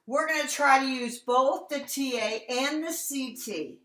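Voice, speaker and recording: A woman with a high, bright, pushed voice teaches a singing lesson online at an unhurried pace. She coaches and sings short lines to demonstrate, and the video call picks up an echoey room.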